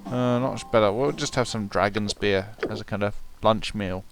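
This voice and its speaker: A man's voice: lowish voice, normal speed. A man casually commenting on a fantasy role-playing game with dry, wry asides. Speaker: let's play commentator. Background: game music.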